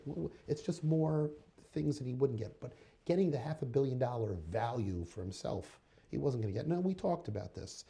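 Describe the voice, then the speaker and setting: A man with a dark, mellow voice and a gravelly fry gives a motivational talk. He retells advice he once gave, pressing the same points again and again in an earnest, insistent way. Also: medium pitch. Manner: earnest, insistent, repetitive phrasing. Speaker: motivational speaker. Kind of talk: retelling a conversation as a life lesson.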